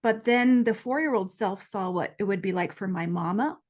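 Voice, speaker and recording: A woman guest in an earnest, lively conversation, telling a personal story and acting out the voices she quotes. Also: medium pitch, moderate pace, lo-fi sound.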